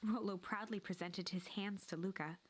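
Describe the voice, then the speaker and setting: A woman narrating a game like a storybook, in a hushed, breathy, whispery voice. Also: mid-range voice, fairly even intonation, normal speed. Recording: game audio with faint music.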